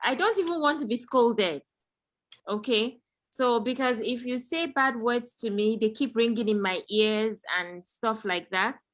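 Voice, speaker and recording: A woman's voice: on the high side, measured pace. Earnest woman on a discussion panel. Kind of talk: casual group discussion.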